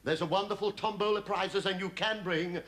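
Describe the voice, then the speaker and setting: A man's voice: sits high, steady tone, a little fast, a bit bright. A middle-aged man playing a muddled, politely persistent fireman in a 1970s TV sitcom. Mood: earnest muddle. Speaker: comic lead. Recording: hissy old TV soundtrack.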